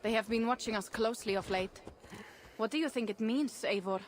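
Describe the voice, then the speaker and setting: A woman's voice: a little high, a little fast, background noise, lightly acted. Actress playing a earnest Viking woman in a game. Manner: earnest, formal old-fashioned speech. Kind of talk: video game dialogue.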